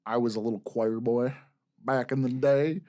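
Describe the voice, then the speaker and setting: A man with a baritone speaking voice, a musician guest chatting casually in a radio studio and rambling with lots of fillers. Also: moderate pace. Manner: relaxed, rambling, full of "like" fillers. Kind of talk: casual interview chat.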